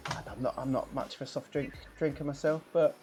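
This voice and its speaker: A man voicing a brisk, professional barmaid who is businesslike and stops often for fillers. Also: mid-range voice, steady tone, music in the background, natural voice.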